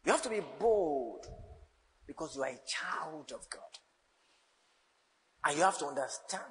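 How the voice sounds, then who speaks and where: A man's voice: fairly high pitch, expressive, normal speed, long pauses, big-room sound, low-quality recording. A man preaching a sermon as a pastor, teasing his congregation and laughing often. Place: church hall.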